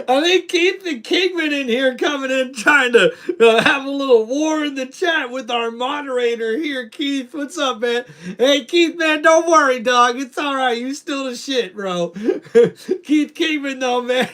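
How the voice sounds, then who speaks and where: A man hosting a live wrestling reaction stream, excitable and laughing often as he chats with viewers. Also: very high-pitched. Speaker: livestream host.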